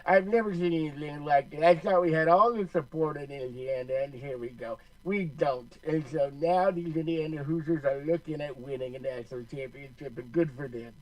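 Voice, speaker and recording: A man's voice: a little high, moderate pace, few pauses, a little mellow, distant mic, natural voice, low-quality recording. A man doing an impression of an old, folksy football coach with a Chicago accent, rambling through a sports preview.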